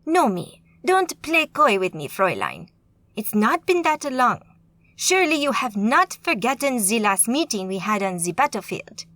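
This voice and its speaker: A woman's voice: big pitch swings, normal speed, fairly bright tone. A woman narrator voicing a haughty male German magus villain in an audiobook, with a heavy German accent and a pompous, sneering manner. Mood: mocking. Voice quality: heavy accent, theatrical swoops in pitch. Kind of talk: audiobook character voice.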